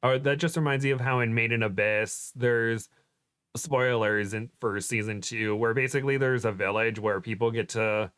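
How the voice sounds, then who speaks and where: A man's voice: mid-range voice, steady tone, moderate pace, a bit bright, clean tone. A man in casual chat who reads a novel aloud and then rambles through tangents with lots of fillers. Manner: rambling, chatty, filler-heavy. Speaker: co-host reading a novel aloud.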